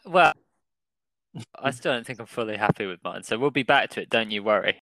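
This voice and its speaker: A man's voice: on the low side, expressive, a little fast, vocal fry, pushed and bright. A young man hosting a podcast, reassuring and teasing his co-host. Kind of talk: casual podcast chat.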